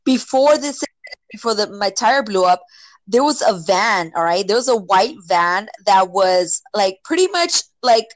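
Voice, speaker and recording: A woman casually telling a personal story, filling it with "like" and "right?" and acting out quotes with sudden jumps in pitch. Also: animated, a little slow, no room sound, poor audio. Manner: filler-heavy, many "like" and "right?".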